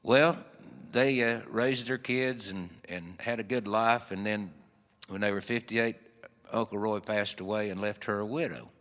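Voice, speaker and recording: Folksy Appalachian storyteller in a hall. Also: male voice, fairly low pitch, steady tone, measured pace, a bit bright. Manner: folksy, rambling with fillers. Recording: long hall reverb.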